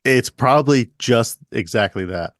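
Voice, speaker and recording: A man co-hosting a podcast, chatting casually and riffing in a deadpan mock-announcer manner. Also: mid-range voice, unhurried, no echo, clean studio sound. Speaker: podcast co-host.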